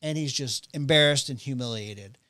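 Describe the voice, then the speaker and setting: Animated podcast storyteller, man, bright and forward voice, dry close mic. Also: mid-range voice, moderate pace, no room sound. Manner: animated storyteller who acts out quotes. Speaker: podcast co-host. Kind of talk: casual chat, anecdote telling.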